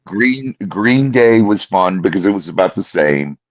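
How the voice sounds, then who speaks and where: A man co-hosting a podcast in casual chat, an ex-bass player talking gear with eager, opinionated enthusiasm. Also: animated, a little slow, dry recording, muffled recording. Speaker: podcast co-host.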